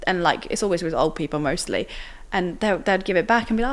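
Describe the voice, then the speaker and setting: A young woman from Italy speaks as a podcast guest. Her voice sits fairly low. She talks casually, full of fillers, and acts out what people said to her. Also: lively intonation, fast. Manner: chatty, many fillers and acted quotes. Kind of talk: casual interview storytelling.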